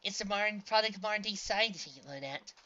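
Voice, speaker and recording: A woman's voice: medium pitch, brisk, sharp tone, lo-fi sound, pitched above the performer's own voice, natural voice. A woman voicing a grumpy, cynical pony mare who talks coldly and grumbles. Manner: cold, grumbling.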